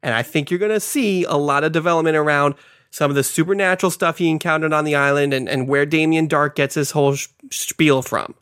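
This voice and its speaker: A man co-hosting a podcast, calmly explaining his view in casual chat. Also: fairly high pitch, brisk, clean tone, no echo, studio quality.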